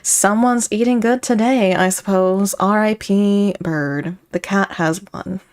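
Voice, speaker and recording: A woman's voice: medium pitch, slow, darkish tone. A woman streamer in casual reaction chat, giggly and chatty, talking to her viewers.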